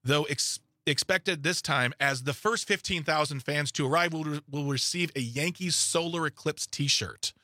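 A man's voice: fairly high pitch, unhurried, hardly any pauses, bright, forceful tone, no room sound, studio quality. A man co-hosting a casual podcast, reading news headlines aloud with joking asides and stumbles.

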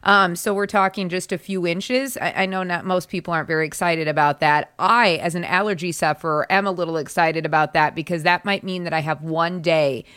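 Congested chatty woman, lowish voice, dry close mic, from wisconsin, easy morning-show banter. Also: fairly even intonation, fairly bright tone, smooth, dry recording. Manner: chatty, chipper, quick to laugh. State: congested and stuffy from allergies. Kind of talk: casual morning show chat.

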